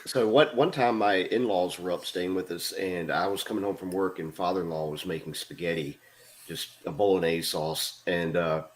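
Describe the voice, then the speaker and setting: A man telling a story in a casual round table chat, laughing as he goes. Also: low-pitched. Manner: animated storyteller, laughing often.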